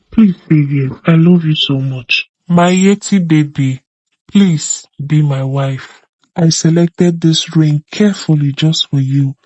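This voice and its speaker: A man playing a smooth-talking young con man with a Nigerian accent, pleading and sweet-talking in a storybook drama. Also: fairly high pitch, a little mellow, no echo, highs cut off.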